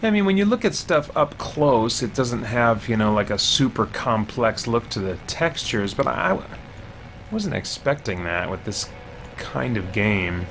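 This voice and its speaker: A man's voice: medium pitch, unhurried, gravelly, a little hiss or hum. A man commentating on his own gameplay, talking to himself, easily startled and often exclaiming. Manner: jumpy, excitable, easily startled. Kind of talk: let's play commentary.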